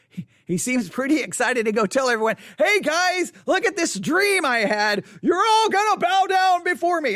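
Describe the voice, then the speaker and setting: A man leading a Bible study, teaching in an animated way, often restarting and repeating phrases. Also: high voice, no room sound, studio quality.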